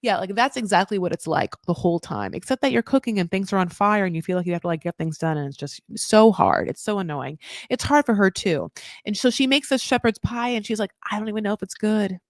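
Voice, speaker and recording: A woman's voice: mid-range voice, animated, a little fast, no room sound, studio quality. A woman hosting a casual reality TV recap, chatty and swearing freely as she acts out what people said.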